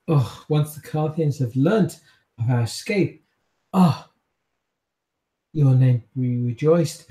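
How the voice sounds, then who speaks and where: A man's voice: mid-range voice, dark tone, roomy sound, low-quality recording. A man voicing a pleading caged vampire youth. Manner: pleading, wheedling, stammering. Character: young male vampire prisoner, pleading and wheedling.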